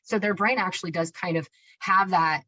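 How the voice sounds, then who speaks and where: A woman clinician explaining a concept in an energetic webinar talk, often checking in with "right?" and restarting her sentences. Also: fairly low pitch, normal speed, highs cut off. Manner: energetic, self-described hyperactive, many tag questions and restarts.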